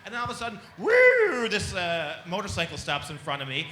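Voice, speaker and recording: A man's voice: fairly high pitch, animated, fast, sharp tone, roomy sound. A man telling a comic story on a panel, full of energy and laughter, acting out other people's voices. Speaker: comedian panelist. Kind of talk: animated storytelling with impressions. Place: panel on a stage before an audience.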